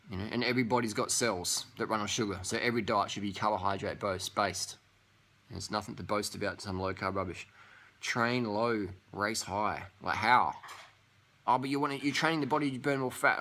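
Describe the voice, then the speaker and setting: A man's voice: mid-range voice, pushed and bright. Blunt, profane man ranting. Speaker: vlogger. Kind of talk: profane rant to camera.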